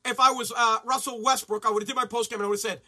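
A man hosting a profane, mocking sports rant, sometimes shouting and mimicking others. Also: very high-pitched, fairly even intonation, racing, slight background noise. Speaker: sports commentary host. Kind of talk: ranting sports commentary.

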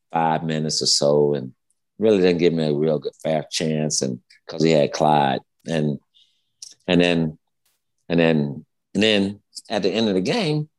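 A low-pitched male guest in his fifties, a former basketball player, tells anecdotes in a casual storytelling interview. He's salty and fired up, and his storytelling is profane, heated, and repetitive.

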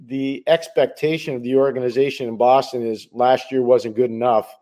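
Mellow-voiced middle-aged hockey analyst man. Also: mid-range voice, fairly even intonation. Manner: measured, emphatic, rhetorical questions. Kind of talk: casual sports talk.

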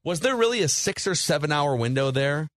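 A man co-hosting a casual movie podcast, retelling scenes in long animated stretches. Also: a little high, fairly quick, no room sound, clean studio sound. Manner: animated storytelling, recaps scenes at length. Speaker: podcast co-host. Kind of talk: casual movie review chat.

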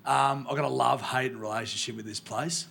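A man's voice: mid-range voice, fairly even intonation, brisk, gravelly, sharp tone, slight background noise. A young man from the New South Wales countryside with an Australian accent, a podcast guest telling chatty, sweary stories live. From Australia, rural New South Wales. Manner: chatty, swears often, acts out others in anecdotes. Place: brewery venue, live audience.

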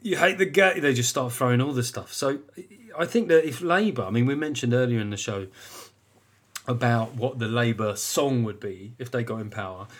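English comedian guy doing his solo podcast, chatty, swears a lot, stumbles and restarts, mid pitched voice. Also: moderate pace. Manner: chatty, sweary, self-mocking, with stammered restarts. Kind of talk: casual solo podcast monologue.

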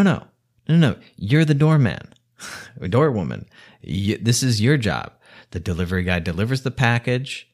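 A man venting in a heavy-swearing, sarcastic personal rant. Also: on the low side.

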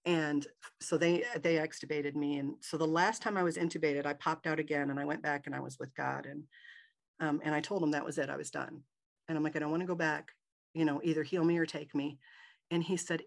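A woman's voice: low voice, steady tone, a little fast, creaky. A woman guest in an interview, telling a personal story with animation and acting out the dialogue in a raised voice.

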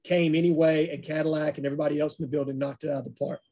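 Male co-host, husky and emphatic. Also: fairly high pitch, level tone, racing, dark tone. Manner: emphatic, confident opinions. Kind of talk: casual sports recruiting chat.

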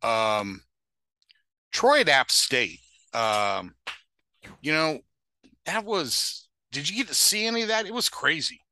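Male podcast host, very bright tone, lively pitch, rambling casual chat. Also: slow, long pauses. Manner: rambling, self-correcting, chuckles.

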